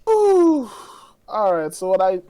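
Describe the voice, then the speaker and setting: A tabletop player declares moves in an excitable, joking way. The voice jumps around in pitch, and the sound is dry with no room echo. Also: slow pace. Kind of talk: casual tabletop play.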